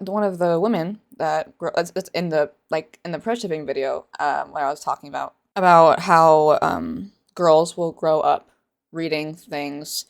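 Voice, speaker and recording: A woman hosting a casual book reaction vlog, sarcastic and rambling, often laughing at her own jokes. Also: lowish voice. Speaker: book reviewer.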